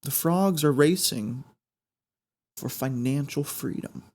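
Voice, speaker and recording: A man hosting a podcast, telling a story in an animated way that builds suspense. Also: mid-range voice, slow pace. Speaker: podcast host.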